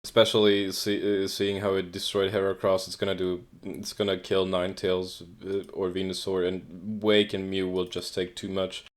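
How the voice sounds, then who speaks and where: A young man with a very deep, low voice co-hosts a casual gaming podcast. He is laid-back and dry, walking through each play step by step. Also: completely flat delivery, moderate pace, few pauses. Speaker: podcast co-host. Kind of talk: casual gameplay commentary.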